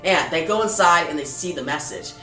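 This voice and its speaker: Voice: medium pitch, lively intonation, a little fast, sharp tone. A narrator casually retelling a comic book issue, reading each character's lines aloud with lots of fillers and restarts. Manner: reads dialogue aloud with frequent "he says"; loose, filler-heavy phrasing with restarts. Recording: roomy, distant mic with faint music.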